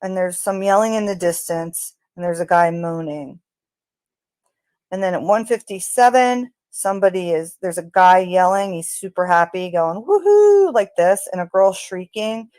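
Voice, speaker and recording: A woman hosting a true crime channel, talking casually in an unhurried, hesitant way with frequent ums. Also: lowish voice, darkish tone, no echo. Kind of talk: casual spoken commentary.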